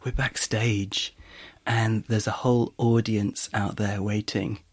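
A man co-hosts a podcast, telling long jokes theatrically and laughing along in playful comedy-sketch fashion. His voice is on the low side and extremely slow. The recording sounds roomy with faint noise.

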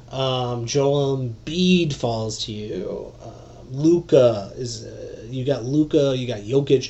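A man hosting a solo fantasy basketball podcast, rambling and excitable, with lots of fillers and some swearing. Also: medium pitch, dull audio.

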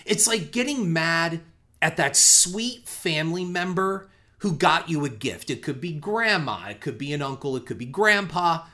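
A man's voice: on the high side, animated, unhurried, bright, forceful tone. A middle-aged man giving a reflective, conversational film commentary, earnest in tone, who often restarts on repeated words and swears casually.

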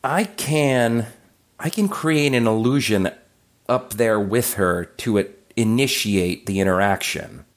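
A man's voice: lowish voice, takes it slowly. A man playing a tabletop role-playing game, talking through tactics hesitantly and restarting his sentences. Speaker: player.

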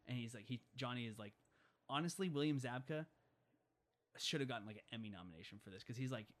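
A man in casual chat, retelling TV scenes quickly with lots of fillers and restarts. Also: mid-range voice. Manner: fast, animated retelling with filler words and restarts. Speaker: podcast co-host discussing a TV show.

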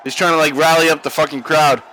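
A man's voice: a little high, fairly even intonation, fast, sharp tone, some chatter behind, a little hiss or hum. A man co-hosting a podcast, chatting casually and crudely with lots of swearing while watching wrestling. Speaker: podcast co-host. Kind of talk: casual watch-along chat. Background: wrestling broadcast playing.

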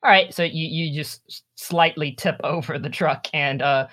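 A woman's voice: low voice, normal speed, a bit bright. A woman narrating as game master, laughing often and repeating words as she goes.

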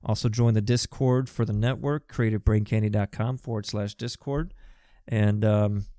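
A man co-hosting a casual gaming podcast, relaxed and joking, with casual swearing. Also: fairly low pitch, normal speed, no echo, clean studio sound. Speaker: podcast co-host.

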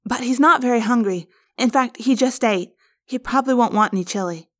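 A woman's voice: on the high side, brisk, fairly bright tone, pitched above the performer's own voice, natural voice. Woman playing a jittery teen girl, hesitant and anxious; audiobook scene. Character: nervous teenage girl covering for a friend. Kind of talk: fan audiobook reading.

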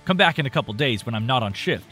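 A man's voice: mid-range voice, very animated, fairly quick, sharp tone, faint music behind. A man voicing an irritable, dismissive male store clerk in a storybook reading. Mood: irritated. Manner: gruff, dismissive.

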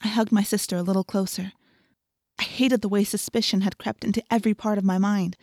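A woman reading a first-person audiobook in a steady, intimate storytelling manner. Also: medium pitch, a little fast, no room sound, clean studio sound. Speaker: audiobook narrator.

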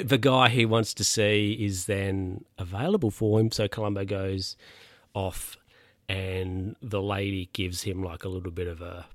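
A man's voice: lowish voice, a bit bright, no room sound, studio quality. A man casually recapping a TV episode, rambling, with lots of fillers and restarts. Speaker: podcast host recapping a TV episode. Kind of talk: casual chat.

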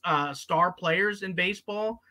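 A man with a high, very bright and forceful voice talks sports on a podcast. He rambles and restarts his sentences as he works his way through his points. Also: a little slow. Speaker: podcast co-host. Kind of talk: casual sports talk.

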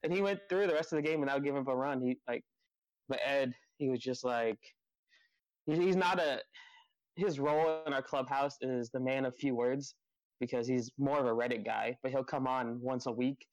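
A man in a relaxed group chat who rambles through his stories, filling them with "like" and breaking into laughs. His voice is recorded close and dry. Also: medium pitch, normal speed, no room sound, lo-fi sound. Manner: rambling, laughs often, uses "like" a lot. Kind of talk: casual chat.

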